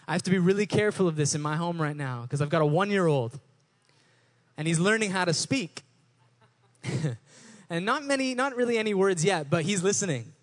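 A young adult male pastor with a somewhat high-pitched voice delivers a sermon. His delivery is conversational rather than formal, with frequent restarts and repeated words as he works his thoughts out aloud. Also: animated, fairly quick.

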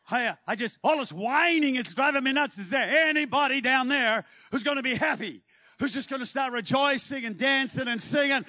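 A man preaching a sermon in an animated, joking way, breaking into shouts. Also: very high-pitched, moderate pace, no echo, muffled recording. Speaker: pastor.

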